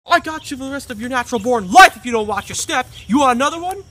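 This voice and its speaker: Man putting on a gruff school principal, taunting, barking, high and bright. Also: animated, quick pace, exaggerated voice. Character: gruff adult male school principal, angry bully.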